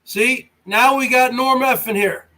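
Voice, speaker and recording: A man's voice: extremely high pitch, steady tone, unhurried, pushed and bright. An American man hosting a casual livestream, reading chat and taunting viewers by name. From United States. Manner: mocking, taunting, talks straight to chatters.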